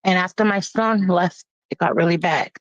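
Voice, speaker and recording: A woman giving a personal testimony in a plain-spoken, halting, grave way. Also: on the low side, no room sound. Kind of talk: personal testimony, casual storytelling. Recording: dull lo-fi, dry.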